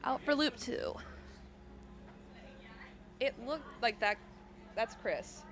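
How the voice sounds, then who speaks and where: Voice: medium pitch, slow, a bit bright, a little hiss or hum. A livestream co-host casually chatting during a race, pointing out runners and their gear. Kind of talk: live casual commentary.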